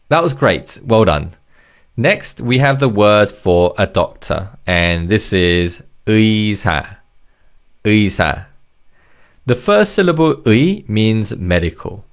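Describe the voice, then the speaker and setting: A man teaching Korean vocabulary in English, explaining word parts and leading repeat-after-me drills in a patient, encouraging way. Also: on the low side. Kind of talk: language lesson narration.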